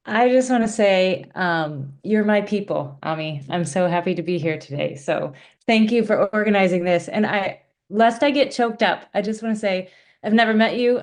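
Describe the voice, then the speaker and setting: A woman joins a live online gathering over a video call, her voice at a middle pitch. She speaks earnestly and effusively, with frequent fillers and restarts. Her sound is that of a home video call. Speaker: participant in an online town hall.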